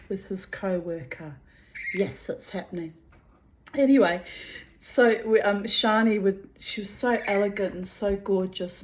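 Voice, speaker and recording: A woman reading her old diary entries aloud and breaking off into animated, laughing, rambling asides. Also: mid-range voice, rough recording. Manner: animated, laughing, digressive storyteller.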